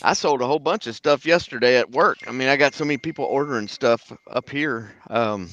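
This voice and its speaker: A man's voice: medium pitch, fairly quick, fairly bright tone, dry recording, dull audio. Laid-back joking man. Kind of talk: casual chat.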